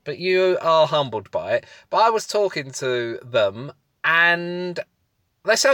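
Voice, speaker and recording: A man's voice: mid-range voice, animated, measured pace, sharp tone, dry recording. Casual guy podcasting, rambly with lots of ums, dead dry sound. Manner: chatty, rambling with ums, teasing. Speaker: podcast co-host; comedian.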